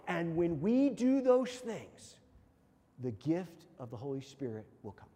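A man preaching a sermon as pastor, animated and often checking in with his listeners. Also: fairly high pitch, a little slow. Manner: animated, repeats "okay?" to check in. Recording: long hall reverb.

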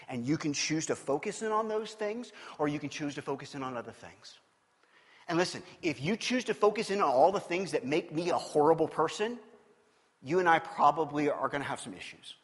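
A middle-aged man preaching a sermon as a pastor, telling stories with animated swings between loud and quiet. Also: fairly high pitch, slightly rough. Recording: long hall reverb.

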